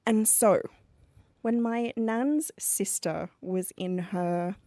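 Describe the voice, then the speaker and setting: A young woman co-hosting a podcast, telling stories in a chatty, animated way with lots of "like". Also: mid-range voice, extremely slow, dry recording. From Australia. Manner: chatty, animated storyteller with fillers like "like". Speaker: podcast co-host. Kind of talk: casual chat.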